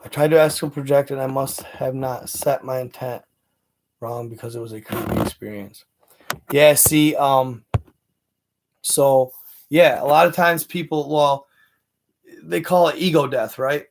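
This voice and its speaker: A man's voice: mid-range voice, a little slow, pauses often, a little hiss or hum. Rambling man telling a livestream story. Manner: rambling, filler-heavy, animated retelling. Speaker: livestream host.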